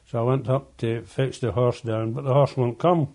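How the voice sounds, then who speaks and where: An older man, a former coal miner, reminiscing in an oral history interview, halting and often repeating words as he tells his stories. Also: mid-range voice, fairly even intonation, darkish tone.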